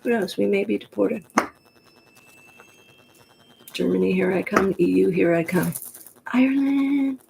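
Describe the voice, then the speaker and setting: Gruff, gravelly-voiced woman vlogger. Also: on the low side, flat delivery, unhurried, pauses often, noisy background. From New York Pocono area. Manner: chatty, digressive, frank. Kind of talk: casual rambling monologue to camera.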